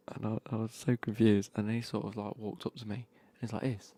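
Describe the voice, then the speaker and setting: A man's voice: fairly low pitch, flat delivery, fast talker, few pauses, dark tone. A man whispering through an ASMR gaming stream, rambling and swearing as he chats.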